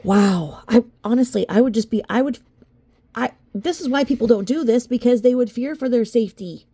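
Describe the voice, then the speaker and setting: A young woman reading a legal filing aloud, then breaking off into incredulous, animated reactions. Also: fairly high pitch, normal speed, husky. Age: young adult. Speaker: commentary vlogger.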